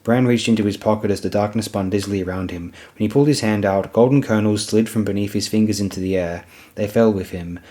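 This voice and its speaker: Low-voiced man reading an audiobook. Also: fairly even intonation, fast, dark tone. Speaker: audiobook narrator. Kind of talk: audiobook narration.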